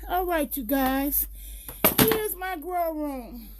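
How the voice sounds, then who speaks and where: A woman's voice: sits high, expressive, takes it slowly, a little hiss or hum. A woman filming a casual gardening vlog in her house, chatting to viewers and sometimes out of breath. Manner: chatty, talks to viewers as y'all. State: out of breath at times. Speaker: gardening vlogger. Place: house and grow room, indoors. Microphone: handheld camera, then set down.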